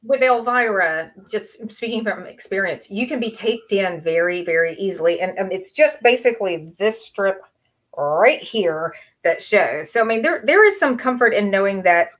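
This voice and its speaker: A woman in a casual podcast chat drops wry, quick asides. Her voice sits at a middle pitch, plain and easygoing. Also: animated, a bit bright. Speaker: podcast co-host.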